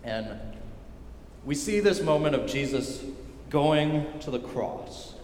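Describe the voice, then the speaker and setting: Emphatic preacher in an echoing hall. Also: male voice, a little high, animated, takes it slowly, a little hiss or hum. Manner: emphatic, repetitive, dropping to quiet intensity. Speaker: pastor. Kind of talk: sermon. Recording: echoey hall with long reverb.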